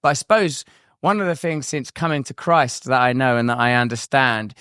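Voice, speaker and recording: A man's voice: mid-range voice, normal speed, smooth, no echo, clean studio sound. English man telling a rambling story. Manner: rambling, animated, acts out quoted voices. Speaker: guest. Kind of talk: candid storytelling on recovery and faith.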